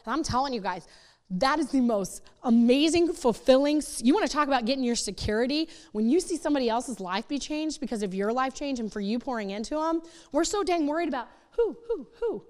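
Woman, youth ministry speaker, high voice, emphatic, casual sermon, echoey hall. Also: lively intonation, fast. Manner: emphatic, repeats herself, acts out quotes in high voices.

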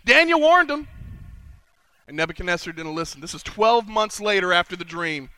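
Man, conference speaker, humorous sermon, animated storytelling, high pitch, dry close sound. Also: moderate pace, smooth, dry recording. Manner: animated storytelling, acting out quoted voices. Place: conference session.

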